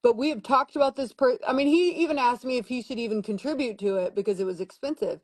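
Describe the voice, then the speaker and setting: A woman's voice: fairly high pitch, fast talker, darkish tone. A young woman telling a personal story on a livestream in a candid, exasperated way, swearing freely. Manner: candid, exasperated, profane venting. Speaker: vlogger.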